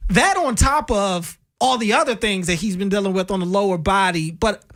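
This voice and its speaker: A man's voice: high voice, normal speed, a bit bright, no echo, clean studio sound. A man co-hosting a sports talk radio show, talking casually and getting fired up over his opinions. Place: radio studio. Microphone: studio microphone.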